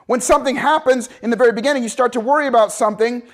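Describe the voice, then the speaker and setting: High-voiced man telling a lively story. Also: very fast. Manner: animated, acts out quoted people. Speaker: motivational speaker. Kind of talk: storytelling seminar talk.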